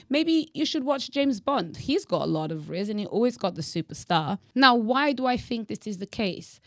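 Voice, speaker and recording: Young woman from angola vlogging her hot takes, teasing and dramatic, mid pitch, dry close sound. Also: no echo. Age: young adult. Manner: bold, teasing, dramatic emphasis. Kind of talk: opinionated direct-to-camera monologue.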